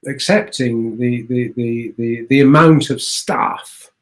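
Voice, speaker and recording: A man talks as a guest in a relaxed interview, halting and repeating small words as he goes. His voice sits at an ordinary middle pitch. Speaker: guest explorer. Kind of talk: conversational interview.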